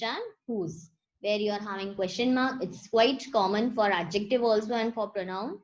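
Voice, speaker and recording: Slow-paced woman teaching. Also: a little high. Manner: explains and repeats slowly, checks understanding. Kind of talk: grammar lesson. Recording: dull lo-fi recording.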